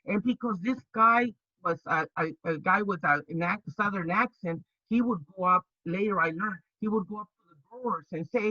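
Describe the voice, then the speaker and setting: An older woman, a labor organizer, telling her stories in an interview with lively energy, stumbling and restarting often and acting out the voices she quotes. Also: mid-range voice, no room sound, lo-fi sound. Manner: animated, halting with many restarts, acts out quoted voices. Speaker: labor organizer and activist guest. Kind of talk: storytelling interview.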